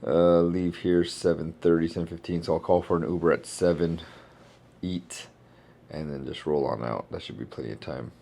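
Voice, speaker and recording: A man, a keynote speaker, chatting casually in a travel vlog and thinking out loud in a rambling way. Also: low-pitched, steady tone, normal speed, creaky, slight background noise.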